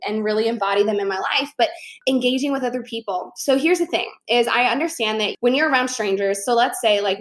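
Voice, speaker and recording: Chatty young woman, slightly high voice. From Chicago, USA. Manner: chatty, animated, lots of fillers like "like" and "you know". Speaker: vlogger giving social tips. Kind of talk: casual storytelling to camera.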